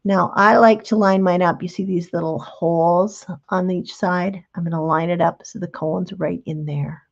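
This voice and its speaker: A woman's voice: fairly low pitch, steady tone, normal speed, vocal fry, highs cut off. A woman hosting a craft tutorial, talking patiently and chattily through each step while she works with her hands. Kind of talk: relaxed step-by-step craft demonstration.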